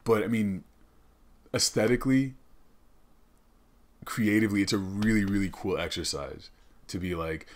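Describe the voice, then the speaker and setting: A man's voice: low voice, normal speed, long pauses. A man hosting a comedic podcast monologue, rambling, swearing a lot and laughing often. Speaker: podcast host. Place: studio.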